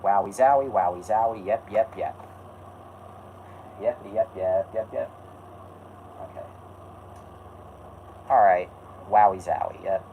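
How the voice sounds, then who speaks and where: A man's voice: lowish voice, takes it slowly, creaky, pauses often, narrow, tinny audio, slight background noise. A man hosting a live stream, talking casually and rambling, correcting himself and snapping back at his chat.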